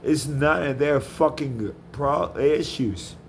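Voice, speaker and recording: A man's voice: mid-range voice, takes it slowly, slight background noise. A man in a heated, profane rant, repeating himself as he vents about a dispute. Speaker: vlogger. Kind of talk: angry rant to camera.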